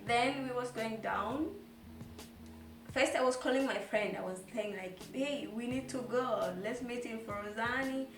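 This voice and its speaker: A young woman from Tanzania tells a story in a casual, animated way, jumping up loud when she acts out what people said. Her voice sits a bit high and comes from some distance off the mic. The room is echoey, with light music playing underneath. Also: a little slow. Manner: animated, acts out quotes with sudden loud rises and laughs. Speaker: vlogger telling how the couple met.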